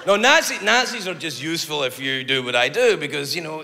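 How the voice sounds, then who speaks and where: A man's voice: fairly high pitch, big pitch swings, brisk, vocal fry, hardly any pauses, bright, forceful tone, slight background noise. A man doing a stand-up routine, brash, profane and mocking. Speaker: stand-up comedian. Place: comedy venue with live audience. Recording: reverberant venue with laughing audience.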